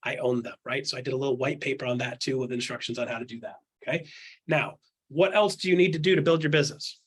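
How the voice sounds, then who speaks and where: Husky, punchy real estate coach. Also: male voice, medium pitch, quick pace. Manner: acts out quotes in other voices; punchy, rhetorical questions. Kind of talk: candid coaching chat.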